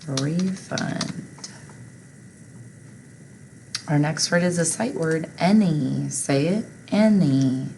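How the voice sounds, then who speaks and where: A woman's voice: low voice, very slow, vocal fry, long pauses, background noise. A woman teaching a phonics lesson, patiently reading word lists and spelling words out, asking listeners to repeat after her.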